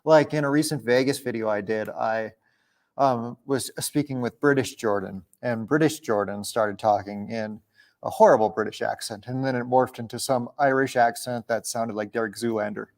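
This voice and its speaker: A young man from Minnesota hosting a casual livestream Q&A, chatty and quick to laugh. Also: medium pitch. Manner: chatty, laughs often, restarts sentences. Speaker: livestream host. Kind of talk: casual live Q&A. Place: home, indoors.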